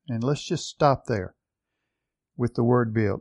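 Male preacher, earnest and emphatic, slow delivery, dry close recording. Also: mid-range voice, animated, a little mellow, no echo. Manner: earnest, emphatic Bible teaching with slow stressed phrases. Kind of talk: sermon.

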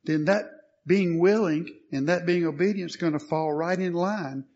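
A man's voice: fairly high pitch, moderate pace, darkish tone, lo-fi sound. A man preaching a sermon, asking questions and answering them, with emphatic statements.

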